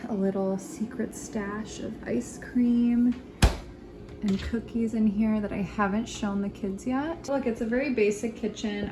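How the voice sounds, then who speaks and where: A chatty woman in her thirties, a mom running through her groceries in a casual, rambling way. Her voice bounces around an echoey rental kitchen, with clear background noise behind her. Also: medium pitch. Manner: chatty, loose and rambling with fillers. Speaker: vlogger, mother. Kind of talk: casual chat, showing groceries. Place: vacation rental kitchen, indoors.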